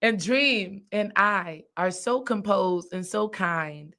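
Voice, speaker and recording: Woman host, spiritual coach, casual storytelling, bright forward voice, chatty and animated. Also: medium pitch, slow pace. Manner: chatty, animated, asks "right?" often.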